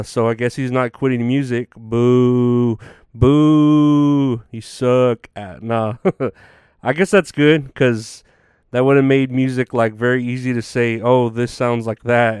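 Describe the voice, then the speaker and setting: Male solo podcaster, tired and yawning, loose and profane, smooth voice, dry close sound. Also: medium pitch, darkish tone, no room sound. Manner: rambling, swearing, frequent fillers and restarts. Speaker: podcast host. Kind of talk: casual solo podcast monologue.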